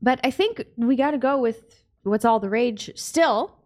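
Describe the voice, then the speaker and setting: A woman's voice: on the high side, lively intonation, measured pace, darkish tone. A woman co-hosting a podcast in casual chat, giggly and upbeat. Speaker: podcast co-host.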